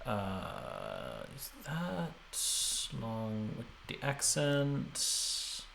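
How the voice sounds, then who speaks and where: A man's voice: on the low side, wildly swooping pitch, extremely slow, vocal fry, a bit bright, a little hiss or hum. A man arranging music on a live stream, thinking aloud with restarts and chatting to viewers. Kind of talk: casual live-stream commentary. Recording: roomy with instrument playback. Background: musical instrument playback.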